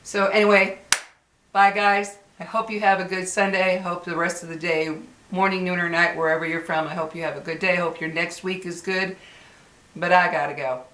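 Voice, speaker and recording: A woman's voice: lowish voice, flat delivery, a little fast, fairly bright tone, reverberant, slight background noise, rough recording. A woman in her sixties venting bluntly and heatedly to her viewers, repeating herself as she complains. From United States. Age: 60s. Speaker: vlogger. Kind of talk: angry venting to camera.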